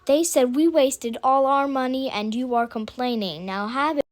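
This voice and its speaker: A woman's voice: sits high, normal speed, close to an everyday voice. A woman voicing a spoiled teenage boy who whines and demands gifts, in a spoken story. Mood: demanding. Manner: whiny and demanding.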